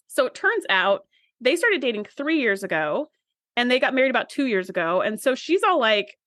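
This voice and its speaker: A woman co-hosting a podcast, telling the story of an episode in casual chat and acting out the lines as she goes. Her voice sits on the higher side and sounds close and dry, with no room around it. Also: moderate pace, dry recording. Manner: animated storyteller, acts out quotes. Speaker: podcast co-host.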